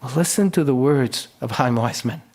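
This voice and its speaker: A man's voice: mid-range voice, moderate pace. A middle-aged man giving a conference lecture, telling history as a story with many fillers and restarts. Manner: storytelling, recounting historical debates and quoting speakers in lively voices.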